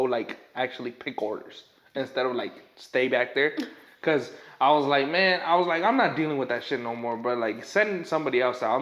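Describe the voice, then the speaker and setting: A man hosting a casual podcast chat, telling animated stories and acting out quotes. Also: mid-range voice, reverberant. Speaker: podcast host.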